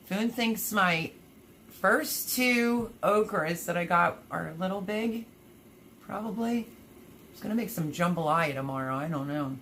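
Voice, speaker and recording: A woman's voice: fairly low pitch, fairly bright tone, a little hiss or hum. A woman hosting a casual gardening livestream, chatting and reading viewer comments aloud, laughing often. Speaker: livestream host.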